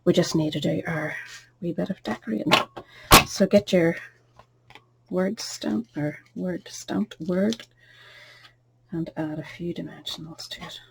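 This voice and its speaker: A woman giving a casual, chatty card-making tutorial, with soft asides under her breath. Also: lowish voice, a little slow, creaky, long pauses, heavy background noise.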